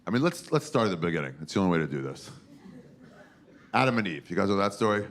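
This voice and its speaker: A man's voice: low-pitched, sing-song, fast talker. A man in his forties doing stand-up comedy, crude, irreverent and conversational. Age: 40s. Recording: loud background noise.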